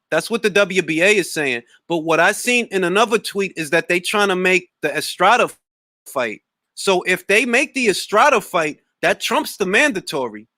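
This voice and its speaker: A man's voice: high-pitched, bright, forceful tone, dry recording, clean studio sound. A man hosting a boxing talk stream, casual, profane and jumping between topics. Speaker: boxing talk show host. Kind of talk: casual livestream chat.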